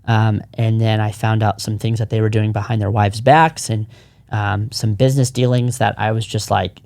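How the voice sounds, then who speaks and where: A man's voice: on the low side, level tone, moderate pace, creaky, a little mellow, dry recording. A man in his thirties, a podcast co-founder, telling his personal story in casual chat, earnest and rambling with frequent restarts.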